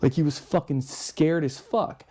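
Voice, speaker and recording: A man's voice: a little high, unhurried. A man on a podcast telling a long story casually, swearing constantly and acting out other people's lines. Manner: profane, animated, acts out voices. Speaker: podcast guest.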